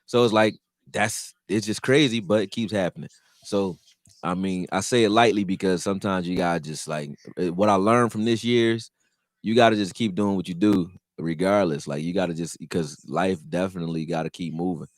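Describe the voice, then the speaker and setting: A man hosting a live stream, chatting loosely with slang and getting loud and heated when reacting to plays. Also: sits low, fairly quick, dry recording, clean studio sound. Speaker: livestream host reacting to a football game. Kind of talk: casual live commentary chat.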